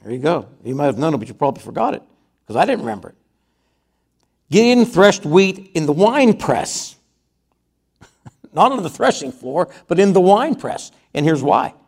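A man's voice: a little high, sing-song, normal speed, long pauses. A man preaching a conversational sermon, reading scripture aloud and then retelling it in his own words.

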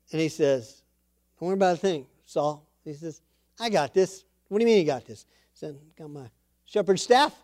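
High-voiced animated preacher man. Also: no room sound, clean studio sound. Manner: animated storytelling preacher, acts out quotes. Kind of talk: sermon.

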